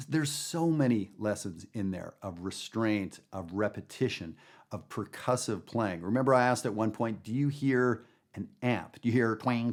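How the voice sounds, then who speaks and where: A man's voice: mid-range voice, a little mellow. A man teaching jazz in a guided listening lesson, talking in an enthusiastic, chatty way with many fillers. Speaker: jazz educator.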